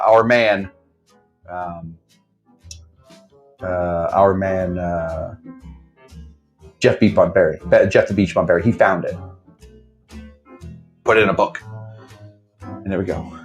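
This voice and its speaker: A man teaching a live online cocktail class. He tells bar history in a rambling, jokey way and slips into mock voices for quotes. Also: on the low side. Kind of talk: casual live-stream storytelling lesson.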